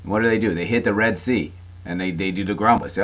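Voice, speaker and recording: Male lecturer, lowish voice, loose conversational classroom delivery. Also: fast, fairly bright tone. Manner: chatty, frequent tag questions and fillers. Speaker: college lecturer.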